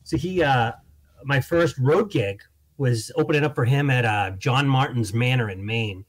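A man, a guest comedian, telling animated stories in casual chat and acting out the quotes. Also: mid-range voice, normal speed. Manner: animated anecdotes with acted-out quotes.

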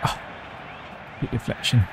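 A man's voice: measured pace, noisy background. A young man giving gameplay commentary, talking himself through moves and groaning or cheering at each play. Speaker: gamer.

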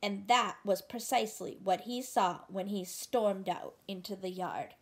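Slow, gentle woman reading a picture book. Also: mid-range voice. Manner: gentle, asks the listener questions. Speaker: storybook reader.

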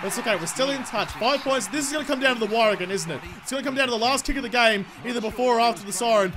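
High-voiced excitable young man gaming. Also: very fast, a crowd in the background. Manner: excitable, sweary, shouts at the players. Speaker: gaming YouTuber. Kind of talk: live gameplay commentary.

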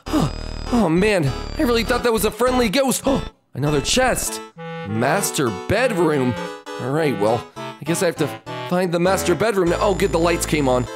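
A timid plumber hero in a cartoon, voiced by a man. He stammers and yelps, and his pitch jumps all over. Loud music plays behind him. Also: lively intonation, moderate pace. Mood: nervous. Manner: nervous, stammering, panicky exclamations. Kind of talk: animated cartoon voice acting.

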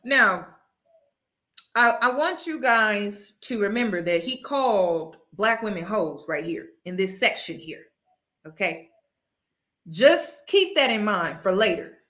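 A woman's voice: medium pitch, expressive, slow pace, bright, forceful tone. A woman hosting a casual interview show, talking directly and chattily to her guest. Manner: direct, chatty, calls guest girl and sis. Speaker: host.

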